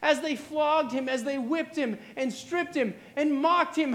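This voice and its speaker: Very high-voiced, slow preaching man. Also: fairly bright tone. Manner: dramatic storytelling with repeated refrains. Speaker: pastor. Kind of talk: sermon.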